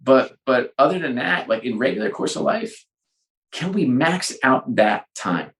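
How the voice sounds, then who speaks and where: With a medium pitch and measured pace, this middle-aged man, a business leader and sports executive guest, brings his stories to life by acting out the dialogue. The conversational interview has a roomy echo.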